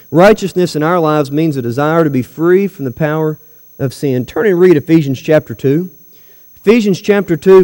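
Emphatic preacher in reverb-filled hall. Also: male voice, fairly high pitch, dark tone. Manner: emphatic, rhetorical questions to the congregation. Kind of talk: sermon. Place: church hall.

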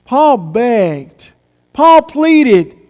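A man delivers a sermon in a strikingly high voice, moving from quiet, slowed phrases to raised, pleading lines. His voice rings out with a long reverb, as if he is recorded in a large church hall. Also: very animated. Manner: dynamic preaching, swinging from hushed to pleading. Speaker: preacher.

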